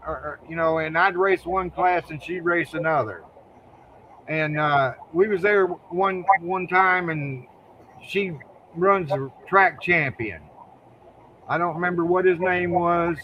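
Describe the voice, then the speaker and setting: A man's voice: fairly high pitch, measured pace, slight background noise. Older man telling stories on a muffled call. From Ohio. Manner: folksy storytelling, repeats words, chuckles. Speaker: guest drag racer. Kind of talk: casual interview chat.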